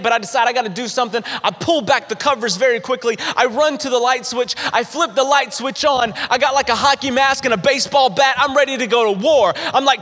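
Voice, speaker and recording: A man's voice: extremely high pitch, fast talker, hardly any pauses, bright, forceful tone. A young man preaching a sermon, telling a personal story animatedly and acting out his own panic. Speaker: pastor. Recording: long hall reverb.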